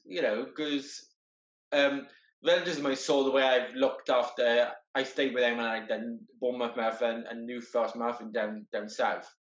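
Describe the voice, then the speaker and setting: A man's voice: mid-range voice, level tone, moderate pace. A man speaking earnestly in a casual conversation, often stopping and repeating his words. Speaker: guest, wheelchair marathon entrant. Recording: roomy, dull lo-fi sound.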